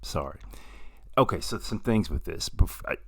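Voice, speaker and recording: A man casually reviewing a movie to camera, animated and excitable, swinging between loud bursts and quiet asides. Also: low voice, moderate pace, vocal fry, breathy edge.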